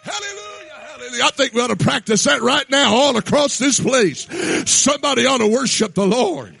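A man preaching a sermon in a church, shouting his points, then dropping to quiet asides. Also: very high voice, lively intonation, moderate pace, creaky, slightly rough. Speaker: pastor. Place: church sanctuary.

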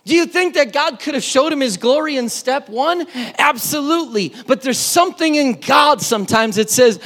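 A man's voice: extremely high pitch, animated, moderate pace, hardly any pauses. A male pastor preaching a sermon in a conversational, emphatic way, sometimes raising his voice. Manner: emphatic, conversational, loud at times.

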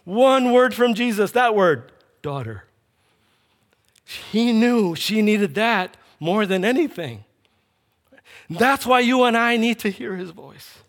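A man's voice: high voice, measured pace, a bit bright. A man preaching a sermon, telling a scripture story with animation and acting out the quoted lines.

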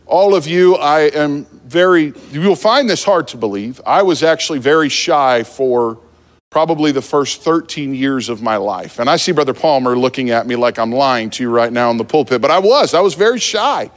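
A man from New Jersey preaching a sermon, telling a funny story about himself in a relaxed, conversational way from the pulpit. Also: medium pitch, normal speed. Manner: humorous, self-deprecating, conversational. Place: church sanctuary at the pulpit. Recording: long church hall reverb.

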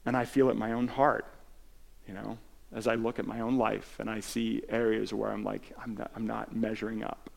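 A man's voice: fairly low pitch, flat delivery, normal speed, creaky. A man pastor giving a conversational sermon, telling stories with many restarts and filler words.

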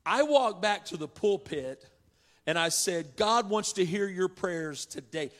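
A man's voice: sits high, expressive, a little slow, a bit bright. A man preaching a sermon, telling a personal story in a conversational, storytelling way. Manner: storytelling, conversational with southern "y'all". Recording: long hall reverb.

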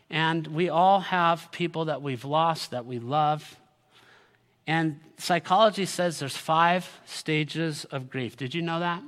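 A man's voice: a little high, fairly bright tone. A man giving a sermon as a pastor, earnest and direct, building to emphatic peaks. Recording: long hall reverb.

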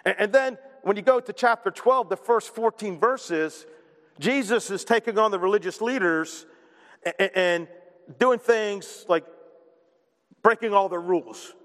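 A man preaching a sermon in a conversational, animated way, often repeating words as he starts a thought. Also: sits high, a little slow. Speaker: pastor. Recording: long reverb of a large hall.

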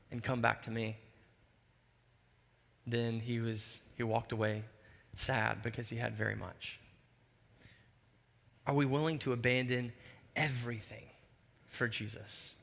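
A man preaching a sermon as pastor, telling stories in a lively way and dropping low and quiet for the solemn points. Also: in a large hall.

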